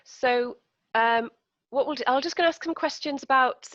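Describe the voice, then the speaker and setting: A woman's voice: high-pitched, moderate pace, a bit bright, no room sound, highs cut off. A woman hosting a live question-and-answer interview, reading out viewers' questions with friendly fillers over a video call.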